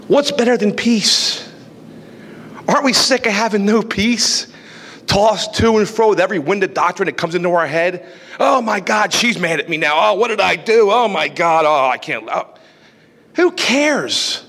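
Male pastor preaching, high and lively voice, long reverb of a hall. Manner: animated preaching, acts out inner voices. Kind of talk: sermon.

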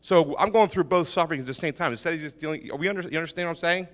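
A man's voice: on the high side, rapid-fire, in a large hall. A man sharing a church testimony about his business, telling it informally and acting out what people said, with many repeats and restarts. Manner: lively, acts out dialogue, repeats and restarts. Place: ministry meeting hall.

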